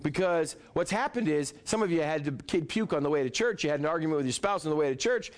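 Animated male preacher, higher voice. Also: quick pace. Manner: animated preaching, dropping to soft hushed prayer. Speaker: pastor. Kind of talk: sermon. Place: church.

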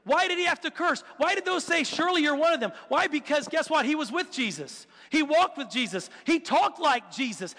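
A male preacher with a very high voice tells the story in a lively, animated way, acting out the quotes and firing off rhetorical questions. His tone is bright and forceful, and a long reverb trails each phrase. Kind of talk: sermon.

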